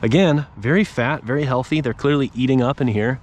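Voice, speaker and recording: A man's voice: medium pitch, a little fast, few pauses, a little hiss or hum. A man giving casual running commentary while fishing from a paddle board on a lake, chatting to the fish and his viewers. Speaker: fishing vlogger.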